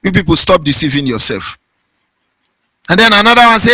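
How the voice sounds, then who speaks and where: Nigerian man, host, high-pitched and fervent, lilting preacher-like delivery, dry close sound. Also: sing-song, fairly quick, sharp tone, husky, no room sound. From southeastern Nigeria. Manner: fervent, sing-song preaching cadence. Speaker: online broadcast host. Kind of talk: impassioned political monologue.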